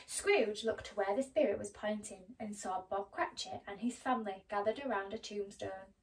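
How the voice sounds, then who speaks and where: A woman storyteller reading a children's story aloud in a gentle, expressive way. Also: medium pitch, normal speed, recorded from a distance, low-quality recording. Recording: voice a little off-mic.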